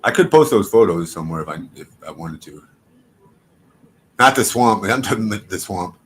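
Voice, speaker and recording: A man's voice: lowish voice, expressive, moderate pace, breathy edge. A man livestreaming, telling a story casually to his chat in a profane, rambling way with frequent restarts.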